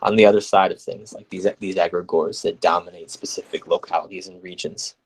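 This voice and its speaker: A man hosting a live radio show, chatting casually and reading scripture aloud, playful and quick to laugh. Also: deep voice, steady tone, slightly rough, rough recording. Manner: playful, laughs often, slips into mock accents.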